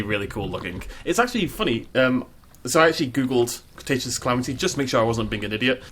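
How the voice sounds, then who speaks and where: A man's voice: medium pitch, a bit bright, a little hiss or hum. Chatty man narrating gameplay. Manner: chatty, self-mocking, jokey asides. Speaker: gaming YouTuber. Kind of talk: casual gameplay commentary.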